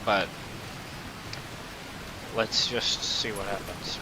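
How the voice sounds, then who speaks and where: A man giving a relaxed, filler-heavy gameplay tutorial. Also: on the low side, drawn-out words. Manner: relaxed, drawling, many fillers. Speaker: game tutorial host. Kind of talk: casual gameplay tutorial commentary. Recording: loud game rain noise behind. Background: loud rain and jungle game sounds.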